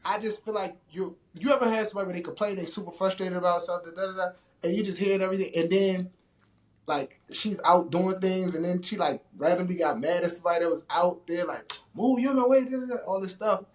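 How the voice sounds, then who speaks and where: A man co-hosting a casual talk show, telling a story in a relaxed, conversational way. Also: high-pitched, fast, roomy sound. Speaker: podcast co-host.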